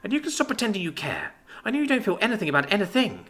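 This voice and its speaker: A man voicing a guarded, defiant young woman in a narrated story, pleading at times and sharp and scornful at others. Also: high-pitched, wildly swooping pitch, racing, pitched above the performer's own voice, full character voice.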